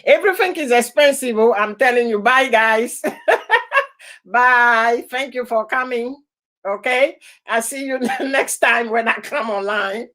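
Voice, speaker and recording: Woman, high voice, unhurried talk, frequent hearty laughter, casual live-stream chat. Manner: laughs often and heartily while talking; repeats goodbyes and thank-yous warmly. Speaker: vlogger hosting a live stream.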